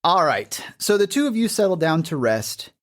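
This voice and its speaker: A game master narrating a tabletop game in a casual, animated way, with lots of filler words. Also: mid-range voice, moderate pace.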